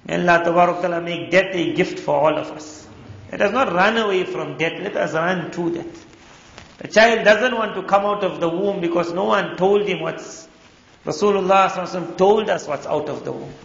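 A man preaches a sermon, his fairly high voice roughened by a gravelly edge. He tells stories and acts out the people in them. The sound is dull and lo-fi, with the long echo of a large hall. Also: fairly quick, a bit bright. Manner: storytelling with quoted voices. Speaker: Islamic preacher.

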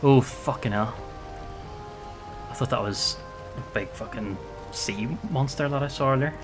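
A man's voice: medium pitch, a little slow, music in the background. A man streaming a survival game, talking casually to himself, swearing and jumpy as things go wrong. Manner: excitable, swears a lot, jumpy. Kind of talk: casual gameplay commentary.

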